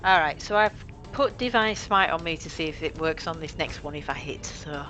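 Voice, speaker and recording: Bright-voiced woman player on voice chat. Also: low voice, soft background music. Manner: chatty, quick to laugh. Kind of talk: casual tabletop game chat. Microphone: voice chat call.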